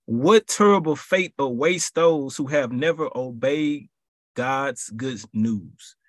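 A man leading a podcast Bible study who preaches in a lively, colloquial way and repeats his phrases for emphasis. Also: mid-range voice, takes it slowly, no echo, studio quality.

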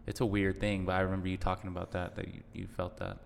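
A man hosting a podcast in a casual, slangy chat, gently prompting his guest with questions. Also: sits low, completely flat delivery, fast talker, vocal fry, big-room sound. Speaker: podcast host. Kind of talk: casual conversational interview.

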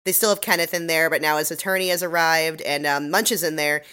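A woman's voice: sits low, steady tone, fast talker, pushed and bright, smooth. A woman co-hosting a podcast, recapping a TV episode in casual chat, laughing often and acting out the characters' lines. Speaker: podcast co-host.

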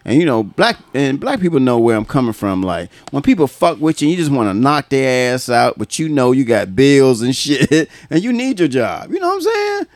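A man telling work stories in casual chat, profane and animated, laughing often and jumping into high excited voices for the people he quotes. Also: normal speed, hardly any pauses, no echo.

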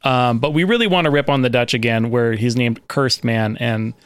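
A man's voice: mid-range voice, normal speed, smooth, no echo. Man hosting a joking chat, dry mic. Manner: joking, rambling, with frequent fillers. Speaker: podcast host presenting a slideshow. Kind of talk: casual comedic chat.

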